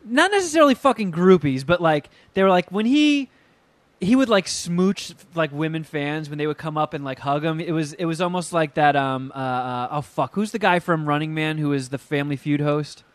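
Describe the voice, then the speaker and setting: Casual podcast co-host, male, fairly high voice, swears freely, acts out the people he quotes. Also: moderate pace, no room sound. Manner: profane, animated storytelling with acted quotes. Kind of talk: casual chat.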